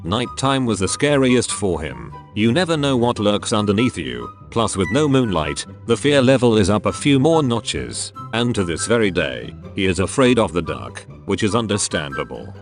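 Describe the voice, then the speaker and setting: A man with a fairly low voice reads online posts aloud, his pitch rising and falling with lots of movement. He moves steadily from one short post to the next like a practiced narrator, with faint music under him. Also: moderate pace, few pauses. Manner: reads titles, answers and comments one after another in a steady narrating voice. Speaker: narrator of a Reddit story channel.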